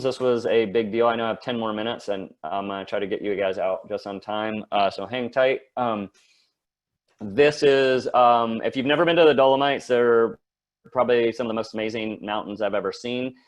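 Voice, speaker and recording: A man giving a casual slide talk as a guest artist, rambling with many fillers and restarts. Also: mid-range voice.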